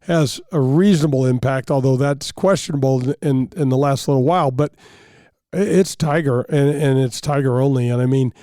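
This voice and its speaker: A man's voice: medium pitch, moderate pace, dark tone, no echo, studio quality. A man co-hosting a golf talk show, speaking conversationally with frequent halts and restarts. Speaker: radio show co-host. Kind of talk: casual sports talk.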